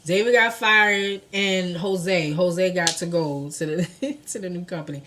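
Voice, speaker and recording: A woman, telling a personal story to her viewers in an animated, profane, conversational way. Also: lowish voice, a little slow, noisy background. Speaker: vlogger. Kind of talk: storytime vlog.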